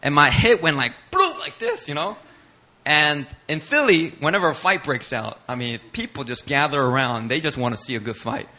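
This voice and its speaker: A man whose first language is Korean, preaching a sermon as a pastor and telling stories in an animated way, acting out voices and laughing often. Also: a little high, moderate pace. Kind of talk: sermon storytelling.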